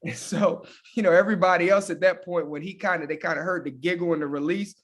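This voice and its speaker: A man's voice: sits high, fast talker. A man from Hampton, Virginia, a football coach, telling a story casually with frequent fillers. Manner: animated, laughing, with lots of fillers like "man" and "you know". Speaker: high school football coach, guest.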